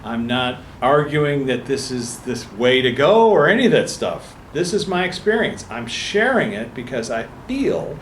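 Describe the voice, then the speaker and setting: A man's voice: medium pitch, big pitch swings, unhurried, hardly any pauses, a little hiss or hum. A man telling a personal story to an audience at a book talk, acting out the voices of the people in it. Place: meeting room before an audience. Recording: echoey room with faint ambience.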